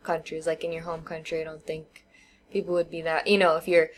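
Woman with a lowish voice, chatting on a podcast, talks it through slow and thoughtful. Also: flat delivery, a little hiss or hum. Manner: thoughtful, explains at length with fillers. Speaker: podcast co-host. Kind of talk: casual conversational chat. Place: living in China.

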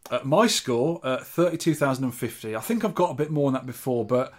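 A man hosting a laid-back podcast about old arcade games. He reads out listener scores with dry, teasing asides. His pitch sits in an ordinary middle range for a man. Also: lively intonation, a little fast. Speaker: podcast host. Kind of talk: casual podcast chat.

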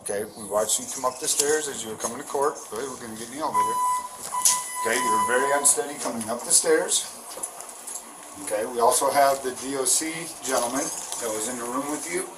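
A male police officer speaking on a body camera in a courthouse hallway, halting and repeating himself. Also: mid-range voice, very animated. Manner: halting, repeats words and "okay". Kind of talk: bodycam arrest exchange. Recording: echoey hall with noise.

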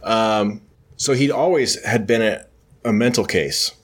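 A man's voice: fairly low pitch, unhurried, breathy edge. A man hosting a podcast, casually recapping a comic book story in a rambling way, full of fillers and self-corrections. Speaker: podcast host.

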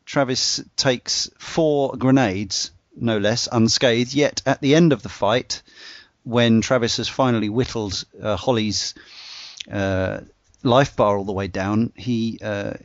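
A man in a casual podcast discussion, talking in a relaxed, rambling way with lots of "uh" fillers. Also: medium pitch, takes it slowly, no room sound, muffled recording. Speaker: podcast panelist walking through game bosses.

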